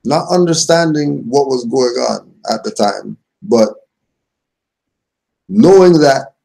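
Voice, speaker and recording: A man's voice: medium pitch, expressive, a little slow, vocal fry, warm tone. A man giving a casual religious teaching, reading passages aloud and then explaining them in everyday speech. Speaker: spiritual teacher.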